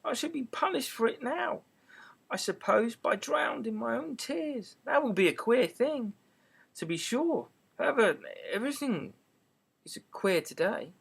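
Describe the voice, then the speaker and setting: An eager, prim young girl rattles on in a bright, raised voice, as a man reading a storybook aloud puts her on. She sounds curious and chatty, rambling from one thought to the next with lively rises in pitch. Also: unhurried, creaky, husky, exaggerated voice. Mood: musing. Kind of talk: amateur audiobook reading.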